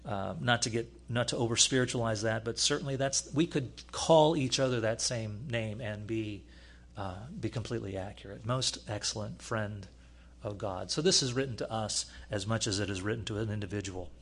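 A man preaching a teaching sermon, pausing often with fillers and restarts. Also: on the low side. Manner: halting, many fillers and restarts. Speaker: pastor.

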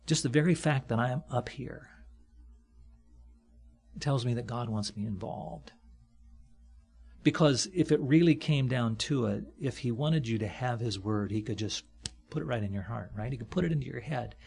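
Male preacher, husky tone, folksy chatty sermon delivery. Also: medium pitch, moderate pace, long pauses, darkish tone. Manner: folksy, joking asides, frequent fillers. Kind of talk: conversational sermon.

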